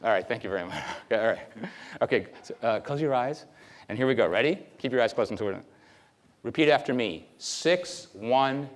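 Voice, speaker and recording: Lecturer, man, mid-pitched, chatty classroom delivery with many "okay?" checks. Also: quick pace. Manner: lively, conversational, frequent fillers and "okay?". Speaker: university lecturer. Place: lecture hall.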